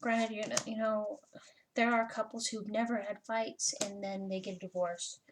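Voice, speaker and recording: A woman's voice: mid-range voice, flat delivery, normal speed, a little hiss or hum, low-quality recording. A woman giving a casual personal tarot reading, chatty and swearing freely, with lots of "you know" fillers. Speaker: tarot reader.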